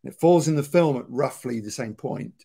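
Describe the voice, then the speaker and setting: A man's voice: mid-range voice, fairly quick, creaky, warm tone, breathy edge. A man who writes about film, giving thoughtful, explanatory commentary on a movie over a remote video call.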